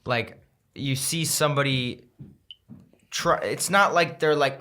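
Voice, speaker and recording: A man's voice: medium pitch, steady tone, measured pace, pushed and bright, clean tone. A man guest on a podcast, talking thoughtfully in casual conversation, rambling with restarts. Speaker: guest, content creator.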